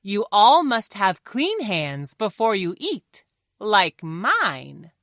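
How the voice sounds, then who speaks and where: A woman's voice: medium pitch, wildly swooping pitch, slow pace, no room sound, studio quality, full character voice. A woman voicing a prim, proper female fox who firmly teaches table manners in a storybook. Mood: instructive. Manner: bright, firmly instructive, overly polite.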